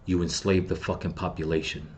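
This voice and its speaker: A man's voice: sits low, level tone, a little fast, slight background noise. A middle-aged man telling of his loss, then ranting bitterly and with heavy swearing at the people he blames. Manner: grieving, bitter, profane ranting. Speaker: channel host. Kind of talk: angry personal vlog rant.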